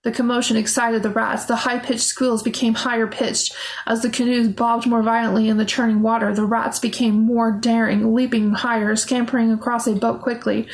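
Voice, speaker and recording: A woman narrating a children's horror novel aloud in a steady, expressive storytelling manner. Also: on the high side, normal speed, poor audio. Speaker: audiobook narrator.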